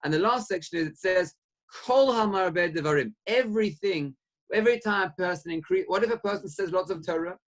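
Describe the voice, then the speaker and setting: Male rabbi, Torah lecture; fairly high-pitched, animated questioning delivery with Hebrew terms. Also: brisk. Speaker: rabbi teaching a class.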